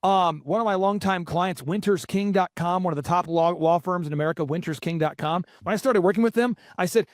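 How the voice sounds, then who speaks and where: A man's voice: high voice, brisk, hardly any pauses, dry recording, clean studio sound. A man hosting a business podcast as a coach, talking emphatically, repeating key points and listing steps. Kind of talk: motivational podcast talk.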